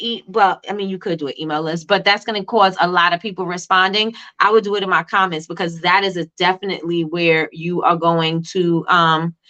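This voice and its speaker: A woman hosting a live coaching stream for small business owners, talking fast, repeating herself and answering the chat as she goes. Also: fairly low pitch, pushed and bright, highs cut off.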